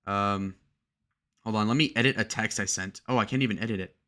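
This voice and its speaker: A man hosting a livestream, reading chat messages aloud and joking crudely, with sudden loud shout-outs. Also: on the low side, fairly quick. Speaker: livestream host.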